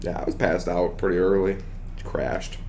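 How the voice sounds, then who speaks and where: A man's voice: sits low, moderate pace, vocal fry, background noise. A man co-hosting a casual podcast, laughing and poking fun at himself with plenty of swearing. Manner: laughing, self-mocking, profane. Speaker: podcast co-host. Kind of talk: casual banter.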